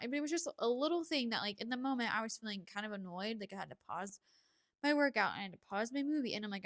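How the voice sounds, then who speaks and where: A young woman hosting a podcast, chatting casually and confidingly, with frequent laughs and breathy sighs. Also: a little high, expressive, fast, a bit bright. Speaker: podcast host. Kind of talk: casual chat.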